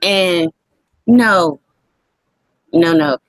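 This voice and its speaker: A woman co-hosting a casual wrestling podcast, animated and profane, laughing often. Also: lowish voice, extremely slow, no room sound. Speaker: podcast co-host.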